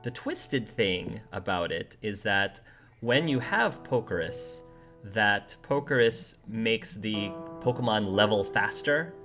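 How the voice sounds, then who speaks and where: A man running a tabletop game as game master, explaining the setting in an animated way with laughing asides. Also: fairly low pitch, slow, over music.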